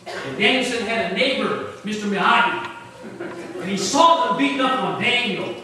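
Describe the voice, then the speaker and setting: A man preaching a sermon as pastor, telling a story in an animated way. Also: high-pitched, normal speed, a little hiss or hum. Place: church. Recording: echoey church from far off.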